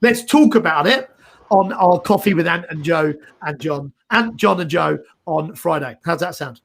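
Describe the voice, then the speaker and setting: Middle-aged male host, gravelly, chatty and rambling. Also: a little high, normal speed. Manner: animated, rambling, repeats words as he goes. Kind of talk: casual career advice chat.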